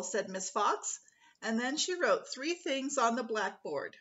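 A woman, a preschool teacher, reading a picture book aloud to children in a slow, expressive way. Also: medium pitch, dull audio.

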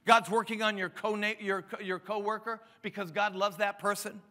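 A pastor in his fifties preaches in an emphatic, stop-and-start way and keeps throwing questions at the room. His voice sits high for a man and rings bright. Long hall reverb trails every phrase. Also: level tone, normal speed. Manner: emphatic preaching with frequent restarts and rising questions. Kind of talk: sermon.

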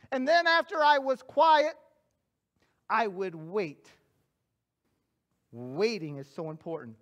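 A man with a strikingly high voice preaches a sermon as a guest pastor. He is earnest and emphatic, often repeating phrases for weight, and drops in self-deprecating humor as he tells personal stories. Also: fairly bright tone.

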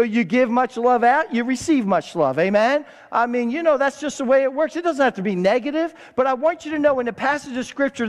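A man preaching a sermon as pastor, calling for responses from the congregation and repeating words for emphasis. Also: extremely high pitch. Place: church sanctuary. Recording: church hall reverb.

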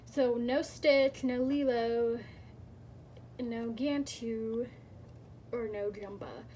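A woman chatting casually through a toy unboxing, gushing and squealing with excitement and dropping to soft whispers between reveals. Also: on the high side, very slow, slight background noise.

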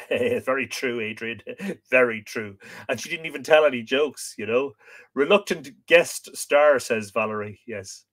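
A man's voice: medium pitch, moderate pace, few pauses, fairly bright tone. Man reading folklore on a live show. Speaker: podcast host.

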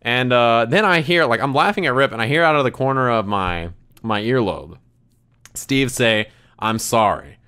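A man in a casual stream chat, rambling through an anecdote with lots of "like" and bursts of laughter. His voice is smooth and clear, sitting at an average pitch. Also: expressive, normal speed, bright, forceful tone. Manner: rambling, laughing, heavy use of "like". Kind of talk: casual storytelling.

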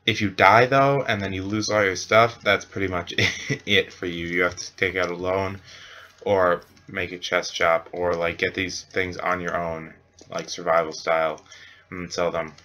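A man's voice: deep voice, little pitch movement, measured pace, sharp tone. A man who runs a game server, narrating a casual gameplay tutorial with jokey asides and frequent self-corrections.

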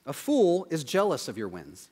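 Male preacher, conversational sermon, raised pitch, long church-hall reverb. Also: wildly swooping pitch, moderate pace, mellow, husky. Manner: conversational, acts out quoted voices, frequent "right?" asides. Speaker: pastor.

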